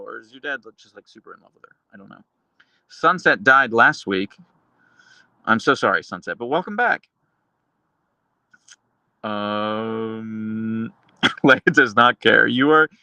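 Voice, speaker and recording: A man hosting a live stream, reading chat aloud and answering with dark, deadpan humor and frequent laughs. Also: mid-range voice, creaky, no echo. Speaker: livestream host reading chat.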